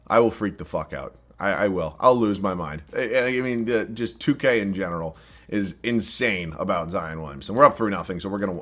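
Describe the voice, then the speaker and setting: His voice sits on the low side with a bit of brightness. The young man, a gaming YouTuber, narrates his basketball video game live, putting himself down and breaking into frustrated, cursing outbursts.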